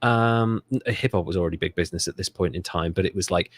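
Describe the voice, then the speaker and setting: A man's voice: low-pitched, fast talker, no room sound. A man co-hosting a comedic history podcast, joking and swearing freely as he riffs on the story. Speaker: podcast co-host. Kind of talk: casual comedic history chat.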